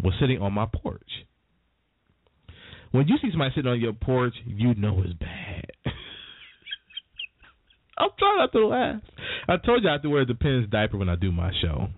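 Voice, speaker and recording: Lively man hosting radio. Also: mid-range voice, moderate pace, long pauses, dry recording. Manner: animated, chatty, laughs while telling stories. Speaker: morning radio host. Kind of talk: casual radio talk and storytelling. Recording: dry, tinny phone-like sound.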